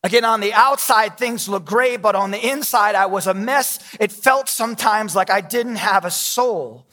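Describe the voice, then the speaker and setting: A man's voice: sits high, moderate pace, sharp tone, in a large hall, soft background music. A man in his thirties, a pastor, preaching a sermon with candid, self-deprecating storytelling.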